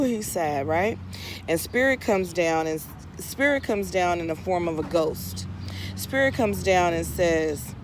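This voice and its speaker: A woman's voice: on the low side, lively intonation, a little slow, a little hiss or hum. A woman tarot reader telling a casual story outdoors in her garden, chatty with frequent asides. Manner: chatty, drawling, many asides and "right?".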